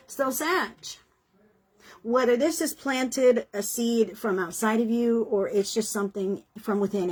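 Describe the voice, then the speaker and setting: A woman's voice: on the high side, slightly rough. A middle-aged woman giving a chatty, earnest tarot reading, emotional at times and swearing casually. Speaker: tarot reader.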